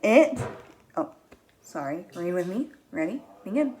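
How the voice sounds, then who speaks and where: A woman teaching young children, reading a picture book aloud in an animated, expressive way, gasping and asking them questions. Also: lowish voice. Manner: animated and expressive, with frequent gasps and drawn-out words.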